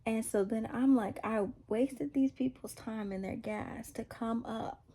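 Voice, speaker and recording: Brief: woman, fairly high mellow voice, rambling self-mocking testimony, casual. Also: unhurried, husky. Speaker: vlogger sharing a faith testimony.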